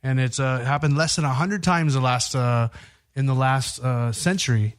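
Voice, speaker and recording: A man's voice: medium pitch, steady tone, moderate pace. A man co-hosting a podcast from a studio, chatting casually in a brash, joking way and swearing freely. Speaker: podcast co-host.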